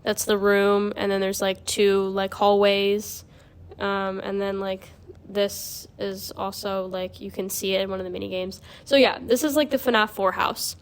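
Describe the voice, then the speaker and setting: A woman's voice: medium pitch, flat delivery, unhurried, clear, resonant tone. Rambling young woman, full of filler. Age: young adult. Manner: rambling, peppered with 'like'. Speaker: podcast host. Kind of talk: casual chat.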